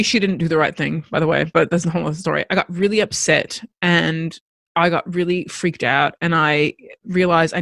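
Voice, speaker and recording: A woman telling a personal story on her podcast, candid and reflective, with a creaky, gravelly voice. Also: low-pitched, a bit bright, no room sound. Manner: candid, reflective, with frequent restarts. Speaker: podcast host.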